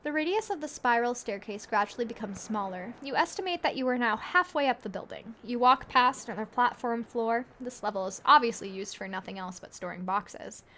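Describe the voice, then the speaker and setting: A woman with a fairly high voice streams a story game, reading its narration aloud. She chats and giggles with her viewers between passages. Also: lively intonation, fairly quick, few pauses, pushed and bright, slight background noise. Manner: giggly, chatty, reads chat aloud. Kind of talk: casual game commentary and reading game text aloud.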